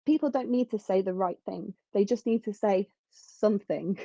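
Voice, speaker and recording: Earnest woman, low-toned and dull-sounding. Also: moderate pace, warm tone, no room sound. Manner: earnest, reflective, with frequent restarts. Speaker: podcast guest. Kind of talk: conversational interview.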